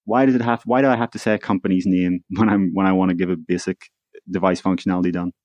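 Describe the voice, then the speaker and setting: A man's voice: low-pitched, fairly even intonation, fast, a little mellow, no room sound. A man co-hosting a live tech news stream, explaining his views and asking pointed questions. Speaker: co-host of a VR news livestream. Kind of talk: casual livestream chat.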